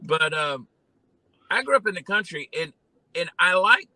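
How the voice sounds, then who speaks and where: A man from Georgia with a Southern accent, telling stories in a folksy, animated way with plenty of fillers as an interview guest. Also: high-pitched, moderate pace, no room sound, poor audio. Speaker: guest, comedian and candidate. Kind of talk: casual interview talk.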